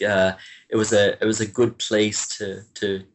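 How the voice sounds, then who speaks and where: Guest: Irish man from Limerick, lowish voice, halting and full of restarts, relaxed chat. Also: slight background noise. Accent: Irish, softened by years abroad. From Ireland, Limerick. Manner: hesitant, many restarts and fillers, chuckling. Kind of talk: casual interview chat.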